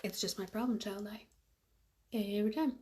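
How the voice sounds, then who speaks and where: A woman's voice: medium pitch, fairly even intonation, moderate pace, darkish tone. A woman from California chatting casually through a livestream while she does her makeup, rambling with lots of fillers.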